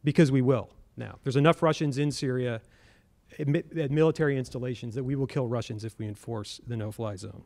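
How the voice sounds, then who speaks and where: A man's voice: medium pitch, a little fast, creaky, darkish tone. A man, a former government official, arguing in a public debate. He speaks earnestly, with frequent fillers and restarts.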